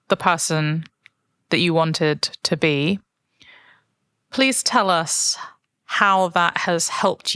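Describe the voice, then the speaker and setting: A woman's voice: on the low side, a bit bright, clear, resonant tone, no echo, studio quality. A woman hosting a podcast, asking her guest questions in an interview. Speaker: podcast host.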